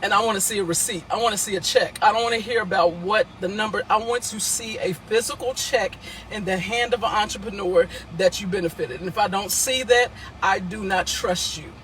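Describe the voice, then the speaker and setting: A man with a high voice talks live to his followers. He is emphatic and repeats himself like a preacher. Faint traffic noise hums behind him outdoors. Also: fairly quick, fairly bright tone, poor audio. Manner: emphatic, repetitive, preacherly exhortation. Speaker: founder addressing followers. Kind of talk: live social media talk.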